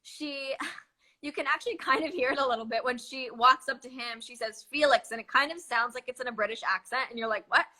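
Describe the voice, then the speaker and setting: A young woman, an actress, chatting casually in an interview, full of fillers and quick laughs. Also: a little high, pushed and bright. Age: young adult. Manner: chatty, lots of "like" and "um", laughs often. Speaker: actress guest.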